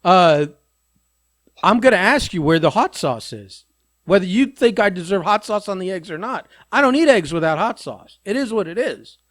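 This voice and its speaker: Blunt, high-voiced man in dry audio. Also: lively intonation, normal speed, fairly bright tone, no echo. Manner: blunt, profane, dismissive. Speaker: podcast co-host. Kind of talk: casual podcast chat.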